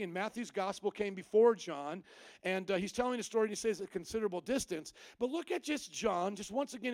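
A man with a high, smooth voice preaches a sermon and keeps the congregation involved with call-and-response questions. His speech is clean and close, with almost no room sound. He explains ideas through everyday comparisons. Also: dry recording. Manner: explanatory, uses everyday examples. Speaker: pastor.

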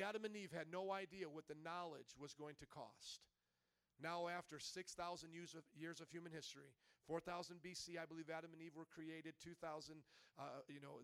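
A man preaching a sermon at a church service, moving from calm teaching into loud, stretched-out preaching. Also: a little high. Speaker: pastor.

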